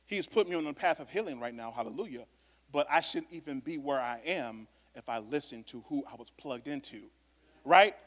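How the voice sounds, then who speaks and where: A man preaching a sermon to a congregation, talking conversationally, with loud bursts of emphasis and quiet asides. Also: mid-range voice, animated, a little fast. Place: church sanctuary. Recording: long reverb of a church hall.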